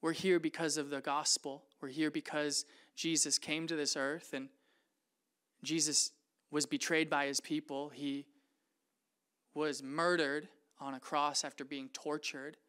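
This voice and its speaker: A weary but steadfast apostle in chains, as a male preacher acts him out, talking in a relaxed, friendly way. His smooth, resonant voice sinks low and soft as he grows earnest. He sounds calm and sure. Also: a little slow. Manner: laid-back, chatty, turning quiet and earnest.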